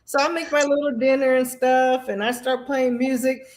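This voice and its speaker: A middle-aged woman shares memories in a lively, storytelling way, slipping into the voices of people she quotes. Her voice sits a little high for a woman. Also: moderate pace, a little hiss or hum. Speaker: guest, Air Force veteran. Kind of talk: emotional conversation about grief.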